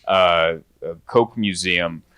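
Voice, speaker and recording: Man, 30s, stand-up comic on a club stage; lively, storytelling, pops into high voices for other characters. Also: slow pace, smooth. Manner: animated, mimics other voices in high bursts. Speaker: stand-up comedian. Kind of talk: stand-up comedy set. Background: audience laughter.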